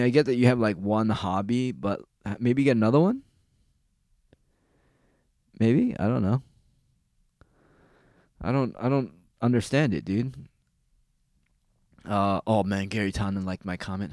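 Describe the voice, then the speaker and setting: A man's voice: medium pitch, darkish tone, no room sound, studio quality. A man ranting casually in a sarcastic, profane and rambling way, jumping from one complaint to the next.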